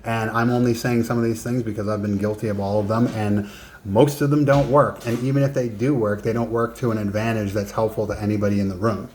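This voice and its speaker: A man's voice: lowish voice, fairly even intonation, fairly quick, a little mellow, a little hiss or hum. A man coaching in a casual, conversational lesson, emphatic and given to joking asides. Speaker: business and life coach.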